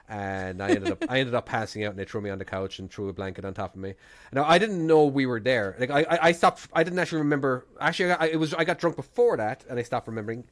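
A man's voice: medium pitch, fast talker. A man with an Irish accent, a podcast co-host, chatting casually and telling rambling stories with frequent laughter. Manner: rambling storyteller, laughs often. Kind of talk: casual chat.

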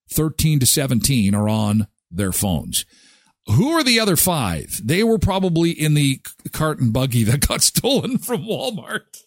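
Male host of a daily live show, animated and joking, slightly high voice, dry close sound. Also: no room sound. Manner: animated, joking, swings in pitch. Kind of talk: casual joking show chat.

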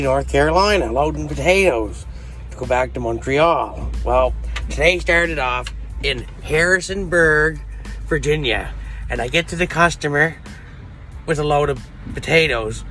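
A man's voice: medium pitch, fairly bright tone. A man who drives a truck, telling road stories in a casual, profane, boisterous vlog from his truck. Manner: profane, boisterous, laughing storyteller.

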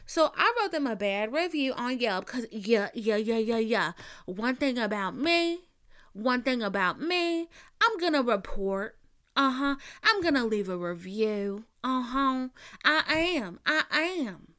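A woman's voice: a little high, measured pace, clean tone. Profane, fired-up young woman host. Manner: blunt, profane, animated retelling with mimicked quotes. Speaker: podcast host. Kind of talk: casual storytelling rant.

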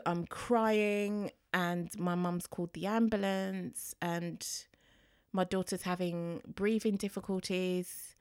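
An English woman, a guest, relaxes into casual storytelling about her own experiences, speaking slowly and smoothly at a fairly low pitch. She animatedly acts out the voices of the people she quotes, and the sound is close and dry with no room echo.

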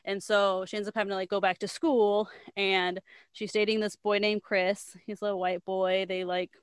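A woman's voice: medium pitch, level tone, normal speed, smooth, no room sound. A woman casually retelling the plot of a novel in a rambling way, full of fillers and the odd swear word.

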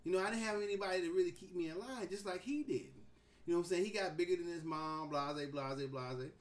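A man in his forties hosts a podcast, talking fast in a voice that sits high. In casual chat he tells stories animatedly, acting out quotes and laughing a lot.

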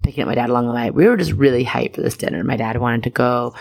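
A woman's voice: extremely low pitch, fast, gravelly, a little mellow. A young woman hosting a podcast, telling a personal story in a chatty, candid way full of fillers and the odd swear. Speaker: podcast host. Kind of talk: casual storytelling monologue.

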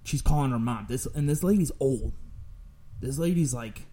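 Young male host, crude profane storyteller, mellow dark voice. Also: medium pitch, moderate pace, husky. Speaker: podcast host. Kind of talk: casual chat.

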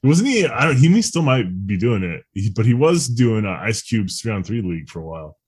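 A man co-hosting a podcast in casual chat, joking easily and laughing often, with a husky voice. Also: fairly low pitch, big pitch swings, fairly quick, darkish tone. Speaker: podcast co-host.

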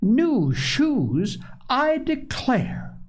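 A man voicing a kind, gentle doctor who coaxes a small child in a storybook reading. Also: very high-pitched, huge pitch swings, drawn-out words, voice pushed up, heavily acted. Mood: coaxing. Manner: gentle, coaxing.

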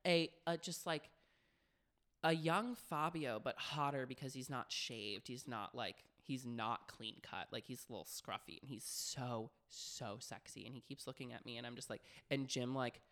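A man's voice: medium pitch, normal speed, fairly bright tone. A young man co-hosting a podcast, telling frank, profane stories in casual chat with constant "like" fillers. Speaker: podcast co-host.

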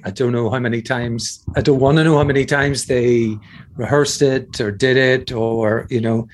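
Enthusiastic man chatting as a podcast guest. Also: medium pitch. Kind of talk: casual chat.

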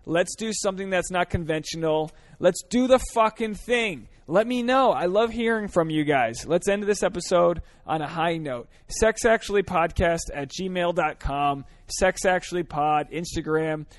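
A man's voice: sits high, moderate pace, few pauses, no echo. Fired-up man ranting alone in his car. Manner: earnest, swearing, shifts between fired-up and subdued. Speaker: podcast host. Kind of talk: solo podcast rant.

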